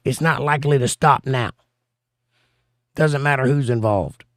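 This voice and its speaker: A man's voice: mid-range voice, a little slow, no room sound, clean studio sound. A man hosting a casual livestream, reading out viewer comments and answering them in an offhand way. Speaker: show host.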